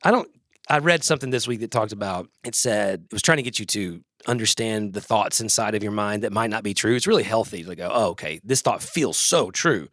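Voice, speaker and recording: A man's voice: on the low side, lively intonation, a little fast, fairly bright tone, no room sound, clean studio sound. Rambling, self-deprecating Southern man. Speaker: podcast guest. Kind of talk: casual podcast chat.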